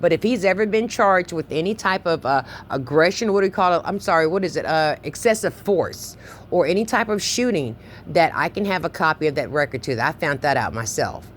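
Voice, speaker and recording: A woman's voice: low voice, lively intonation, brisk, slight background noise. Insistent woman pressing a complaint by phone. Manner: insistent, emotional, repeats herself. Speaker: claimant on a phone call.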